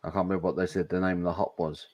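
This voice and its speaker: A man's voice: low voice, flat delivery, racing, a little mellow, poor audio. A British man hosting a casual stream, chatting and teasing friends over drinks. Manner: teasing, laughs a lot.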